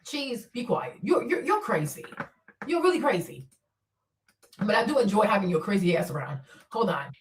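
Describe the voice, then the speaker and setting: A woman hosting a casual livestream, talking in an animated, profane way that swings between loud outbursts and quiet mutters. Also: mid-range voice, fairly quick, few pauses, distant mic, slight background noise. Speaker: livestream host. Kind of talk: casual unscripted commentary. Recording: roomy echo, voice a bit off-mic.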